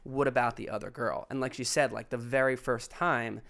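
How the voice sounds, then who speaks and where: A man's voice: medium pitch, fairly even intonation, moderate pace, gravelly, fairly bright tone. A man talking as a podcast guest from his living room over a remote call. He chats candidly and rambles, leaning on lots of "like" fillers. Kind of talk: candid casual chat.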